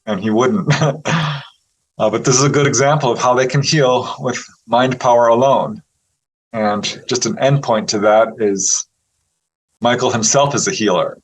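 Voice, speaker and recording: A man with a voice of middling pitch, speaking as an interview guest. He tells his stories in a casual, lively way, often laughing and putting on voices for the people he quotes. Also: unhurried, breathy edge, low-quality recording. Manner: animated storyteller who laughs often and acts out quotes. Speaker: interview guest, UFO researcher.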